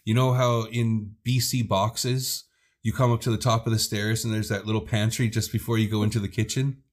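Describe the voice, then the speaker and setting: A man with a fairly low voice spins a rambling story on a podcast, dropping curses all through it. He talks casually and lets laughs slip into his sentences. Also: little pitch movement, a little fast. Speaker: podcast co-host.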